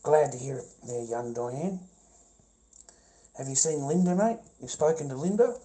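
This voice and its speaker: A man's voice: normal speed, dark tone, slight background noise, low-quality recording. A man on a live stream, talking to his chat in a profane, confrontational way, calling everyone mate and brother. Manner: trails off into low mumbling. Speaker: livestreamer.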